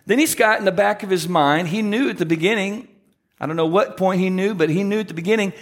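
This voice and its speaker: High-voiced man preaching a sermon. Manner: conversational preaching with emphatic slowed phrases. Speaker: pastor.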